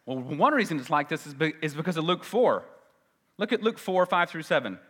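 Male pastor, sermon delivery, bright forceful tone, swings from loud to hushed, long hall reverb. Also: a little high, animated, quick pace. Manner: conversational, shifting between loud emphasis and quiet asides.

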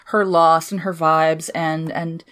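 A woman co-hosting a casual podcast, jokey and excitable, with some swearing. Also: low-pitched, takes it slowly. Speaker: podcast co-host.

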